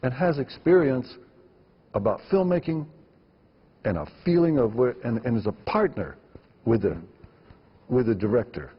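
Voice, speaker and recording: Husky guy in an interview, stressing points, kinda muffled lo-fi audio. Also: mid-range voice, lively intonation, normal speed, long pauses, in a large hall. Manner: emphatic, repeats words for stress. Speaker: filmmaker guest. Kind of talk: interview answers.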